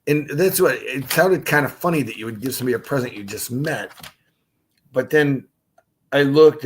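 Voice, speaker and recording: A man's voice: mid-range voice, rough recording. A man leading a casual livestreamed Bible study, reading scripture aloud and adding his own asides.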